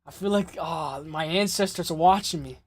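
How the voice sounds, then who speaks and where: A man with a rather high voice hosts a live fight stream in a loose, casual way. He swears freely and chats straight back to his viewers. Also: moderate pace, no echo. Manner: loose, swearing, reads chat aloud. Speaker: host of a live MMA stream.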